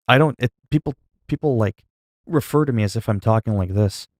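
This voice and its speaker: A man chatting casually with viewers on a live stream, calm and low-key, with a delivery some find sleepy. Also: dry recording, clean studio sound. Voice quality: sleepy-sounding, flat delivery. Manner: low-key, calm and unhurried, not hyped. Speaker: livestreamer.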